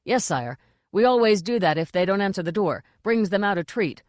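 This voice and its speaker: A woman's voice: medium pitch, lively intonation, fairly quick, dry recording, studio quality, lightly acted. A woman voicing a blustering, over-zealous male castle sergeant in an audiobook. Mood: eager. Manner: loud, dim-witted, over-zealous.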